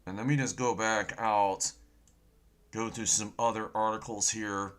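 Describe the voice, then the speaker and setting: A man hosting an end-times prophecy channel, talking loudly and excitedly while browsing news, with a sore throat and a habit of saying "folks". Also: fairly low pitch, measured pace. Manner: loud and excited, often yelling, says "folks" constantly.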